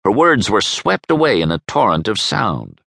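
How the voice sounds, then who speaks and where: Male audiobook narrator, wry, expressive; dry studio sound. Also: on the low side, normal speed, gravelly, dry recording. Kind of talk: scripted narration.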